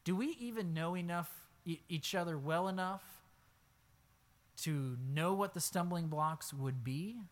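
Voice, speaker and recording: A pastor delivers an expository sermon at a measured pace, reading scripture aloud and then explaining it. He swings from low asides to loud, emphatic exclamations.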